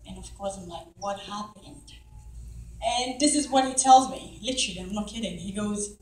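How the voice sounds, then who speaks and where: A middle-aged woman telling a church congregation a testimony, animated and acting out the lines of the people in her story. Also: mid-range voice, moderate pace. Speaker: church member giving testimony. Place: church hall. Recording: echoey hall, from far off.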